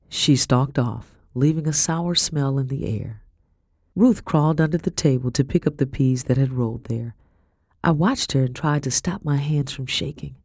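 A woman narrating a first-person story in a measured, expressive storytelling manner. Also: very deep voice, no echo, studio quality, faint music behind. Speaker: audiobook narrator.

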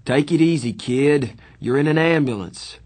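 Guy reading a book, doing a gentle steady grown man, bit husky, voice pitched up and louder than his narration. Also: moderate pace, natural voice. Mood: soothing. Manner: soothing, earnest, steady. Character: kindly adult man, calm reassuring teacher type.

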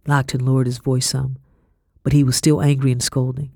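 A woman narrating an audiobook in a measured, expressive reading style. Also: extremely low pitch, no echo. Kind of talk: scripted narration. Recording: dry close audiobook recording.

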